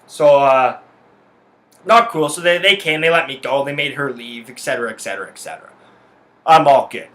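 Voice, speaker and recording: A man's voice: medium pitch, normal speed, fairly bright tone. A man telling a heated story on his podcast, swearing constantly and repeating himself as his anger builds. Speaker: podcast host. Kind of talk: angry personal rant. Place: his home.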